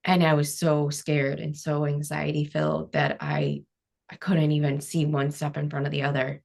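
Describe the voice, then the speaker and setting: A woman's voice: low-pitched, completely flat delivery, normal speed, gravelly, a little mellow. A woman guest on an interview podcast, a cancer coach telling her story frankly, quoting her past self and using many "like" fillers.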